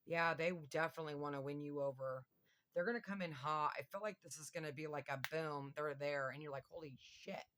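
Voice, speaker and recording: A woman's voice: fairly low pitch, a bit bright. A woman giving a casual tarot reading to her viewers, chatty and thinking aloud with lots of fillers. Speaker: tarot reader.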